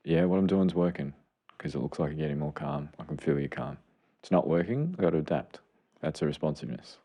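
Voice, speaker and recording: Deep gravelly man. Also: expressive, fairly quick, mellow. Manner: earnest, explanatory, enthusiastic. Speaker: podcast co-host, clinician. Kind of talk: casual chat.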